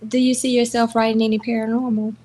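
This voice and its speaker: A woman's voice: a little high, flat delivery, fast, mellow. A woman hosting an interview, asking questions with enthusiasm. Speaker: podcast host. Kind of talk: casual interview chat.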